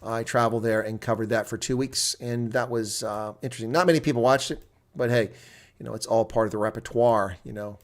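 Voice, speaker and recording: A middle-aged man giving live play-by-play and color commentary on a rugby match, breaking into loud excited shouts at big plays and chatting casually with viewers in the lulls. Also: medium pitch, fairly quick.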